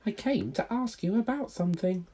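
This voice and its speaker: A man voicing a small, always hungry baby barn owl in a high, eager, childlike voice. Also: lively intonation, normal speed, warm tone. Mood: nervous.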